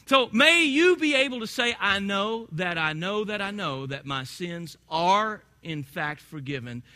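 A man's voice: high voice, sharp tone. A man preaching a sermon in a conversational, storytelling way that builds to emphatic peaks. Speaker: pastor.

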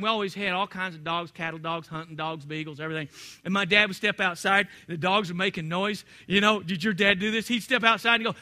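A man preaching a sermon in a folksy, animated storytelling manner, now and then breaking into shouts. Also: high-pitched. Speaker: pastor.

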